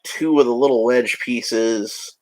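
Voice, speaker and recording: A man's voice: medium pitch, steady tone, slow. A man narrating a toy build in a casual, rambling way with joking asides. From United States. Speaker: hobby vlogger.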